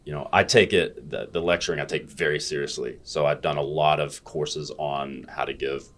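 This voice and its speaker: A man's voice: a bass voice, fairly even intonation, moderate pace, a bit bright. An American man telling stories as a guest in a casual podcast chat, blunt and freely swearing. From United States. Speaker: guest, fitness educator.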